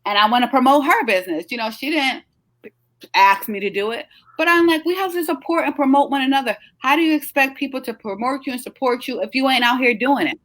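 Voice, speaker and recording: A woman's voice: high voice, quick pace, a bit bright, dry recording. A middle-aged woman runs a casual live chat in a chatty, encouraging way, stretching words for emphasis. She sounds tired. Her voice is dry and close, with no room around it. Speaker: host, travel agency owner.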